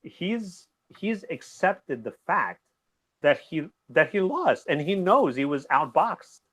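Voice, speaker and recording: A man guesting on a boxing talk show, rambling in an animated way and laughing easily. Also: fairly high pitch, slow, breathy edge. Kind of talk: casual boxing recap chat.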